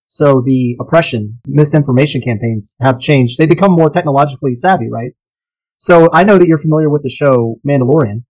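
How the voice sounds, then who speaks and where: A man co-hosting a casual podcast, talking animatedly and posing rhetorical questions with sudden jumps in pitch. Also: fairly quick, darkish tone, rough recording. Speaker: podcast co-host.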